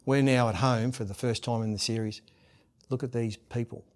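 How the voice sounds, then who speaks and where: A middle-aged Australian man in a sit-down podcast interview, telling stories with gusto. He bursts into loud put-on voices for the people he quotes, then drops back to an easy, ordinary conversational tone. His voice sits at an everyday medium pitch. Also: moderate pace. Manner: lively anecdotes, acts out quoted voices loudly. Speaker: guest, former rugby league captain and coach. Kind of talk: animated storytelling in a podcast interview.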